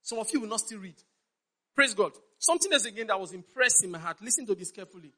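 A man's voice: sits high, animated, fast talker, bright, forceful tone, low-quality recording. A middle-aged Nigerian man with a Nigerian accent, preaching a sermon in an emphatic, repetitive way and often checking that his congregation understands. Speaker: pastor.

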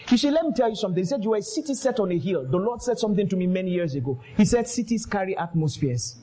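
A man's voice: high-pitched, a little mellow, poor audio. A man preaching a sermon as pastor, emphatic, telling stories and calling out to the congregation. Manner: storytelling with quoted voices.

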